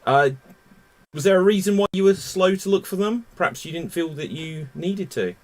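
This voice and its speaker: A man hosting a live online improv comedy show, brisk and amused, often repeating himself. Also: sits high, expressive.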